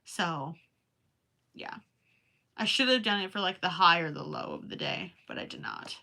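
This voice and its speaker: Working on her crochet during a late-night stream, a young woman with a Minnesota accent talks casually with her viewers, rambly and somewhat tired. Her voice sits on the low side with vocal fry, a bright, forceful tone, lively intonation, and a moderate pace.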